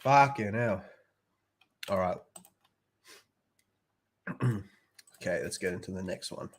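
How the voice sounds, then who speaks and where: Deep and slow, this young man's voice carries an Australian accent as he casually reviews a TV show live. His stream chat is crude, full of swearing, and broken up by lots of laughing.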